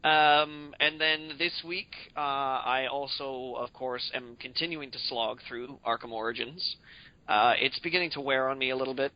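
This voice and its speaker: A man's voice: medium pitch, fairly even intonation, moderate pace, muffled recording. A man co-hosting a casual video game podcast, rambling with many fillers and joking rants. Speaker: podcast co-host. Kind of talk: casual chat about video games.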